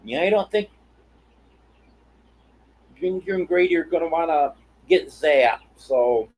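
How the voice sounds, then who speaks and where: A man hosting a casual live stream from his homestead, hoarse as his voice gives out, telling folksy stories and answering chat. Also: a little high, huge pitch swings, a little slow, a little mellow, rough recording. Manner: folksy storytelling, replies to chat. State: voice giving out, hoarse. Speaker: livestream host.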